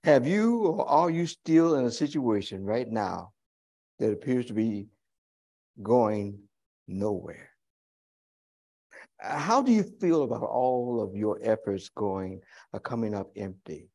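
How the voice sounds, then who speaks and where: A man's voice: on the low side, sing-song, takes it slowly, pauses often, a little mellow. A male pastor preaching a sermon in a folksy, conversational way, with humorous asides to the congregation.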